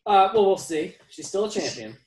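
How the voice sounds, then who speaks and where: A game master in casual chat during a break, animated, cooing at a pet and swearing casually. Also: mid-range voice, normal speed, reverberant, poor audio.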